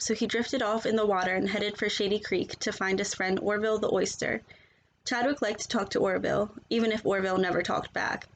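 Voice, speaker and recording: A woman reading a children's picture book aloud in a gentle, expressive storytelling manner. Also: mid-range voice, gravelly, slight background noise, rough recording.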